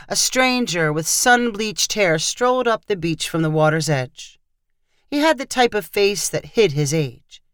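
A narrator giving a steady, scripted reading of a short story. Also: mid-range voice, no room sound, clean studio sound.

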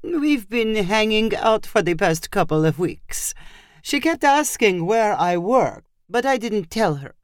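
A woman's voice: medium pitch, very animated, unhurried, no echo, studio quality. A woman doing a cheerful young chef. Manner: warm and eager.

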